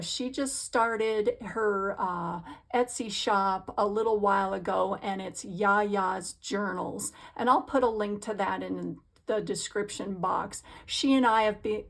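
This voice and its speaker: A woman's voice: mid-range voice, gravelly. A woman hosting her own crafting channel from her home craft room, chatting casually and gushing with enthusiasm about her projects. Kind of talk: casual crafting vlog chat.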